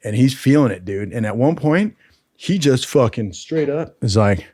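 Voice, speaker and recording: A laid-back man tells raunchy anecdotes from his military training in a relaxed, profane, chatty way. The recording is dry and close, with no room sound. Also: mid-range voice, moderate pace, no echo. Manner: profane, laid-back, keeps saying "dude". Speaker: storyteller recalling military training. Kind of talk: casual crude anecdote telling.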